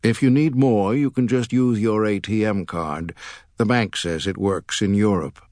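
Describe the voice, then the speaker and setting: A man reading an audiobook, voicing an efficient female secretary who speaks in a brisk, matter-of-fact way. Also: lowish voice, darkish tone, dry recording, clean studio sound, close to an everyday voice.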